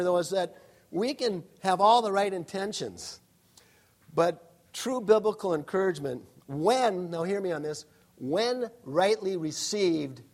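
A middle-aged male pastor giving a sermon, conversational and humorous, often adding "all right?" to his points. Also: high voice.

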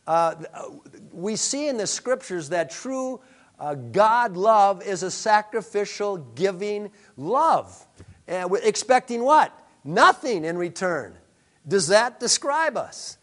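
A man's voice: high-pitched, animated, slow pace, fairly bright tone. A male pastor preaching a sermon, emphatic, with rhetorical questions to the congregation.

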